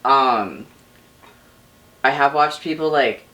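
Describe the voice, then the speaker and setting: A man co-hosting a relaxed casual chat, tossing off jokes with deadpan asides. He speaks in an easy, conversational way. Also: mid-range voice, slow pace, low-quality recording.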